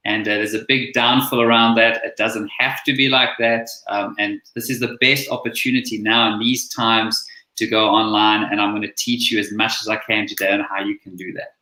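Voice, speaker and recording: A man's voice: mid-range voice, sharp tone, echoey room, poor audio. A man from South Africa with a South African accent, a chiropractor telling his story in a casual interview over a video call. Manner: friendly, earnest, storytelling. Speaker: guest, chiropractor and coach.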